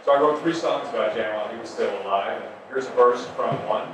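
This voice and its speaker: A man's voice: medium pitch, fast, hardly any pauses, background noise. A middle-aged man telling personal stories on stage with wry, self-mocking asides. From Delaware. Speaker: solo stage performer. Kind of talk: personal storytelling monologue. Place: theater stage. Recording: echoey room from far off, music behind.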